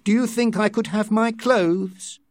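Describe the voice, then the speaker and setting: A man voicing a headstrong, impatient young woman in love, with drawn-out, pleading delivery, in a read-aloud story. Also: mid-range voice, sing-song, a little mellow, dry recording, studio quality, pitched above the performer's own voice.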